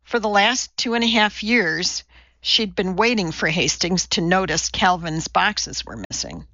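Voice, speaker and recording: A woman reading an audiobook in a measured, wry narration, recorded slightly dull. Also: mid-range voice, animated, pushed and bright, no echo. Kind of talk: scripted narration.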